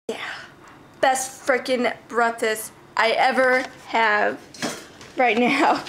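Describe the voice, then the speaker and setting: A teenage girl with a high voice talks slowly to her camera in a casual vlog, swearing freely and yelling at her dogs in the yard. Outdoor ambience hums clearly behind her. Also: a little hiss or hum. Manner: excitable, swears a lot, yells at her dogs. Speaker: vlogger.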